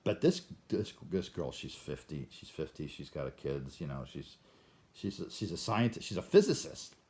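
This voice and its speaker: A man's voice: a bass voice, very animated, normal speed, a little mellow. An older man talking to the camera in a rambling monologue, often stammering and restarting his sentences. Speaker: vlogger.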